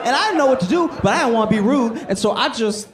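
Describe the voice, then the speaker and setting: A male stand-up comedian telling a story in an animated, incredulous way. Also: extremely high pitch, quick pace, a crowd in the background. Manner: animated, incredulous, exaggerated retelling. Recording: echoey hall with background noise.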